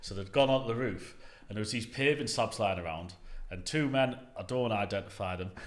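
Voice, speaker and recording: A man's voice: fairly low pitch, fairly quick. A man, a guest on a casual podcast, rambling through a story with lots of fillers. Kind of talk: casual chat.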